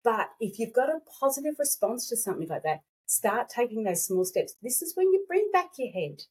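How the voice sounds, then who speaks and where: A woman coaching on intuition in a conversational interview, talking lively and acting out her own quoted thoughts, with a slightly dry throat. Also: a little high, fairly quick, slight background noise. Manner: animated, acts out quoted thoughts, restarts often.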